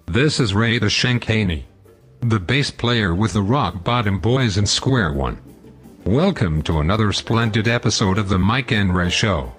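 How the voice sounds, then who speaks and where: A man's voice: lowish voice, animated, unhurried, fairly bright tone, soft background music. A man hosting a scripted comedy show, pompous, long-winded and sarcastic. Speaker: host.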